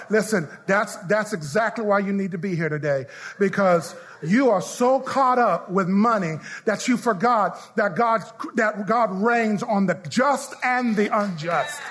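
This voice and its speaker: A man a sermon, calling out to the congregation and leading call-and-response, his lines half sung and shouted. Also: high voice, unhurried. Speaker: pastor.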